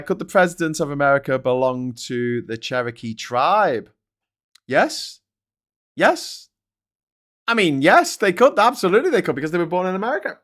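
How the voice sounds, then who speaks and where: A man with a Scouse accent hosting a political livestream, talking in an excitable, sweary, rambling way. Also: mid-range voice. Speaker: livestream host. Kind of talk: casual political livestream chat.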